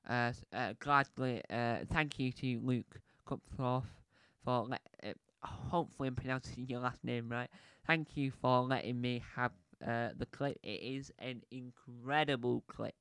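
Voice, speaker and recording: A man talks through a film review in a loose, rambling way, full of restarts and side tracks. His voice is smooth and resonant at a middle pitch. The sound is close and dry. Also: fairly even intonation, unhurried, few pauses, a bit bright, no room sound. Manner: rambling, chatty, with many restarts and asides.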